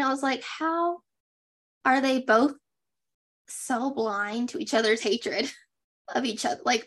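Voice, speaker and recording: A young woman co-hosting a podcast, recapping a reality show in a chatty, sarcastic way. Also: a little high. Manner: chatty, sarcastic, animated impressions. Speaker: podcast co-host. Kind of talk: casual recap chat.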